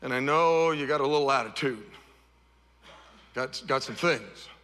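Impassioned male pastor preaching in a hall. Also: measured pace. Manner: builds to loud, high-pitched repeated refrains, then drops to soft, low tones. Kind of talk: sermon.

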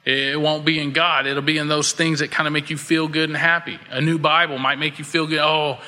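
Folksy pastor in a reverberant hall. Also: male voice, a little high, little pitch movement, brisk, pushed and bright. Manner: casual, folksy, acts out quoted voices. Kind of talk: conversational sermon with storytelling.

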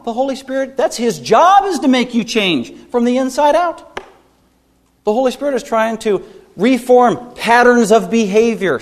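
A pastor preaches emphatically to his congregation, swinging widely in pitch and loudness. He repeats phrases and fires pointed questions at his listeners.

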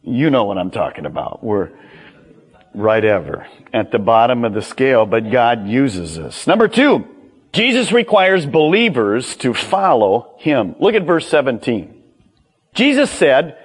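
An older man preaching a sermon as pastor, animated and acting out quoted voices. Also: high voice, a little slow, slightly rough, big-room sound.

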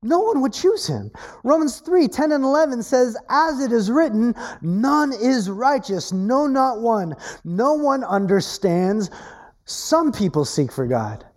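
A woman preaching a sermon, emphatic, repeating her key phrases and swinging her pitch between low and high. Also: lively intonation, a little slow, darkish tone.

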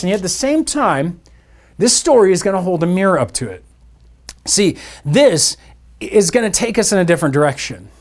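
A man preaching a sermon as pastor, in a conversational style with playful asides to his listeners. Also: high-pitched. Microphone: church podcast mic.

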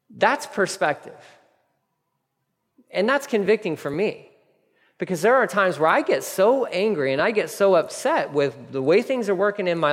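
A man preaching a sermon as a pastor, animated and conversational. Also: sits high. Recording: long hall reverb.

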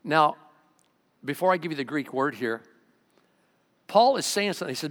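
A pastor preaching a sermon in an animated way, swinging from loud excited bursts to low quiet asides. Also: male voice, moderate pace, long pauses. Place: church sanctuary. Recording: long reverb of a large church hall.

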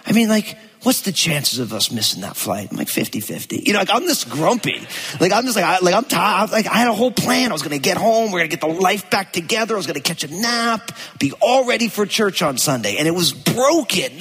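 A man preaching as a pastor, telling a personal story with lively acted-out quotes. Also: on the high side, slightly rough. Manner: animated storytelling, acts out quotes. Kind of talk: sermon with personal anecdote. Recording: long hall reverb.

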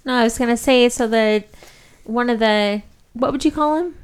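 A woman co-hosting a casual podcast, retelling scenes in an animated way and acting out the characters. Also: fairly high pitch, moderate pace, smooth. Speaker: podcast co-host. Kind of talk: casual chat.

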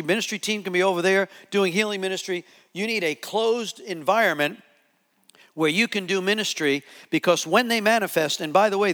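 A man preaching a sermon to a live audience, telling a story with lively acted-out quotes. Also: high-pitched. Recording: long hall reverb.

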